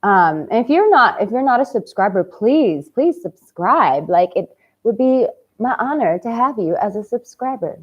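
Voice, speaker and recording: A woman's voice: fairly high pitch, sing-song, normal speed, dull audio. A woman who coaches men on dating, giving advice straight to her viewers in a passionate, candid and cheeky way, with the odd casual swear. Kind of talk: direct-to-camera advice vlog.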